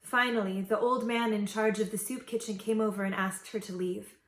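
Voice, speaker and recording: A woman reading an original fairy tale aloud to children, with gentle, expressive storytelling. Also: medium pitch, moderate pace. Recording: echoey room.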